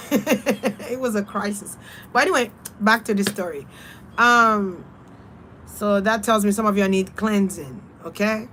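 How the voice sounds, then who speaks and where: A young adult woman spiritual reader talking in a casual vlog, blunt, animated and freely profane. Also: mid-range voice, slight background noise.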